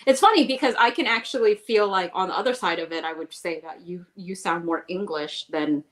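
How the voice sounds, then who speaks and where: A woman's voice: lowish voice, brisk, a bit bright. A woman chatting casually on a stream, rambling and giggling as she talks. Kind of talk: casual chat.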